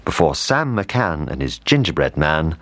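A man reading a children's storybook aloud, in an animated, expressive way. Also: rumbling low, measured pace. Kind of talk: storybook narration.

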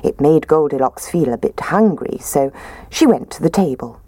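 Low-voiced woman reading a bedtime story. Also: moderate pace, no room sound. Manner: expressive, gently animated reading. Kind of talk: reading a children's story aloud.

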